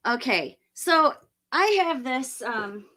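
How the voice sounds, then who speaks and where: Blunt, bright-voiced woman livestream host. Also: on the high side, animated, slow. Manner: blunt, opinionated, ranting with laughs. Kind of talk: casual live movie review chat.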